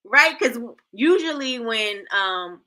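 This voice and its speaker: Woman host, lively and laughing, bright and slightly high, reading viewer comments on a live stream. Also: slow pace. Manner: lively, laughs often, reads chat aloud.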